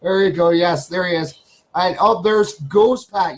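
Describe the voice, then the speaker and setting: A chatty man from Canada hosts a casual live stream from his home studio. His voice sits a little on the high side. He repeats himself often and talks to his pets between reading out viewers' names. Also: a little slow, low-quality recording.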